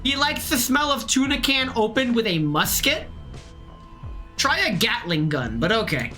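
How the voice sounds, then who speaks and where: A tipsy woman streaming a game, reading its text aloud and rambling off on tangents in an excitable, profane way. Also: a little high, a little slow, over music. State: tipsy from drinking.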